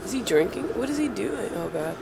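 A woman's voice: medium pitch, animated, fairly quick, creaky, very noisy. A woman giving let's play commentary on a horror game, nervously muttering and swearing to herself as she plays.

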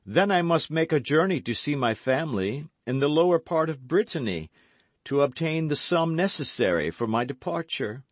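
A man's voice: fairly high pitch, lively intonation, normal speed, no room sound, voice pushed up. A man doing Porthos, a pompous aggrieved musketeer. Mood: melancholy. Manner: grand, declamatory delivery. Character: boastful vain musketeer man, theatrically aggrieved.

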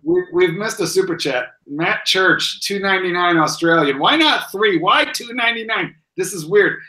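A man's voice: high voice, expressive, normal speed, pushed and bright, low-quality recording. A man joining a casual live stream chat, joking and teasing the others.

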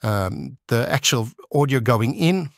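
A man casually walking viewers through a software demo, enthusiastic and chatty, with plenty of fillers. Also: medium pitch, animated, measured pace, dry recording, clean studio sound. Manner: enthusiastic, explains step by step with many fillers. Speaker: tech vlogger.

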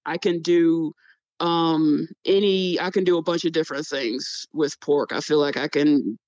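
A woman who is a chemist, answering interview questions about baking and cooking in a relaxed, open way with some hesitant fillers. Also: deep voice, a little slow, no echo, highs cut off. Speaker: guest chemist and baker.

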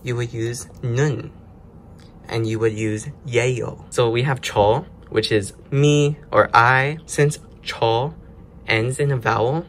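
A man's voice: medium pitch, steady tone, a little slow, a little hiss or hum. A man hosting a casual self-study video, explaining grammar step by step in a loose, chatty way. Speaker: language learner host.

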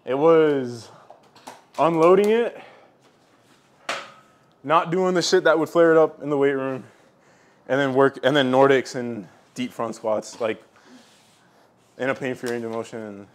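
A young man in a garage gym talking loosely and relaxed about his training. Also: medium pitch, a little slow, long pauses. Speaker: athlete. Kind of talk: casual workout chat.

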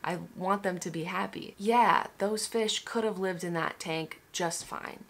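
A woman's voice: fairly low pitch, unhurried, fairly bright tone. A young woman talking candidly in a casual vlog monologue, emotional and swearing freely, with frequent restarts. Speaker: vlogger.

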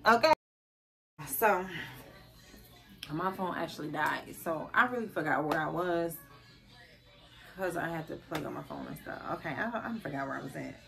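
A woman's voice: deep voice, lively intonation, normal speed, creaky, long pauses, music in the background. A young woman vlogging casually, telling a story and acting out the quoted dialogue with lots of animation.

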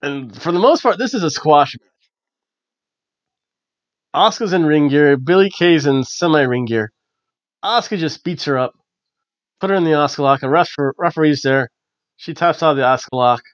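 A man hosting a casual wrestling review, chatty and animated with lots of fillers. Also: on the high side, normal speed, pauses often, no room sound. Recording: dull, dry lo-fi recording.

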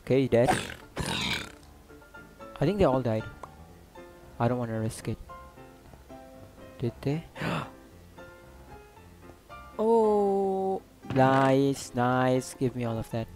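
Excitable man narrating his gameplay. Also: medium pitch, slow, long pauses, soft background music, poor audio. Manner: excitable, loud outbursts, swears and jokes. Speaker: gaming YouTuber. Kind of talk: casual gameplay commentary.

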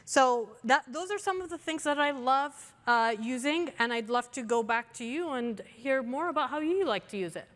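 A woman's voice: high voice, animated, normal speed, few pauses, a bit bright. A woman giving an eager, enthusiastic demo on a conference stage. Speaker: presenter. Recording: long hall reverb.

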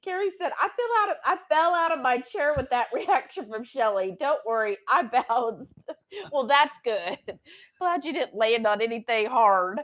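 Woman co-host, high and animated, laughs a lot reading comments. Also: moderate pace, muffled recording. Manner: giggly, laughs often while reading comments aloud. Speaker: co-host of a cooking livestream. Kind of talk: casual chat reading viewer comments.

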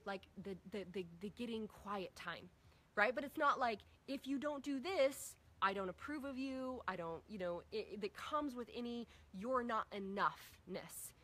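Energetic woman coaching on parenting. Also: on the high side, unhurried. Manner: energetic, acts out dialogue with her kids. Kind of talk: coaching talk to a group.

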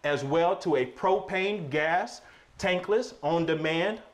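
Upbeat male tour host, high-pitched, playful sales patter. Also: takes it slowly. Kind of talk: promotional walkthrough.

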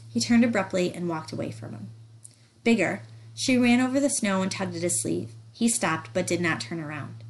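Woman narrating a novel in a measured voice. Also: medium pitch, rough recording. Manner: measured, even reading of descriptive prose. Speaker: audiobook narrator. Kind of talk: literary audiobook reading.

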